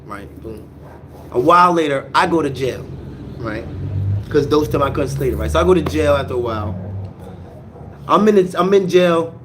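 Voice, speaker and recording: Animated, profane man telling stories. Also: slight background noise. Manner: animated, jumps from low mutters to loud outbursts; profane, slangy, repeats words. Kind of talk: casual street storytelling.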